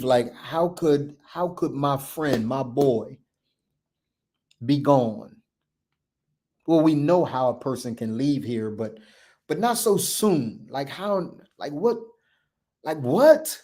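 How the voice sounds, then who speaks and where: A man's voice: a little high, expressive, slow pace, a little mellow. Male podcast host, storyteller, emphatic and repetitive delivery with acted-out dialogue. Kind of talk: personal storytelling.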